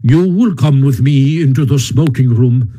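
Brief: a man reading a severe old storybook badger, husky and mellow, slow and stern. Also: mid-range voice, lightly acted, rough recording. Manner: stern, measured, lecturing. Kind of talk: audiobook character reading.

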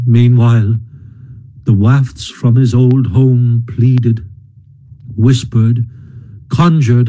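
A man reading a storybook aloud in a slow, measured, expressive way. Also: mid-range voice, low-quality recording. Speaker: narrator. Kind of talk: storybook narration.

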